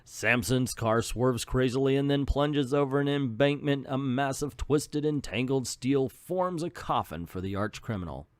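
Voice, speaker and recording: A man's voice: mid-range voice, moderate pace, few pauses, no echo, clean studio sound. Jokey male comic book reviewer. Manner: jokey asides between dramatic narration. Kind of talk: comedic comic book read-through.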